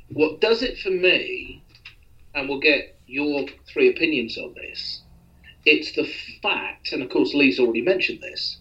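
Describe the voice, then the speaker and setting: A man's voice: on the high side, animated, unhurried, a bit bright, highs cut off. A man hosting a podcast, talking in a rambling, self-deprecating casual way with many restarts. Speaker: podcast host.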